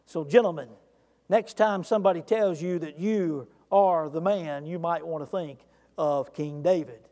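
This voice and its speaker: A man with a notably high speaking voice delivers an earnest sermon as pastor. He leans into direct questions to the congregation, and his words ring out with a long reverb tail from a large church room. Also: measured pace, warm tone.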